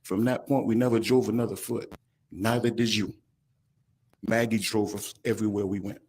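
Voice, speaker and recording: A man, crying as he gives an emotional, halting victim statement at a courtroom podium microphone. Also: lowish voice, steady tone, a little mellow, breathy edge. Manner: emotional, halting, breaks off mid-sentence.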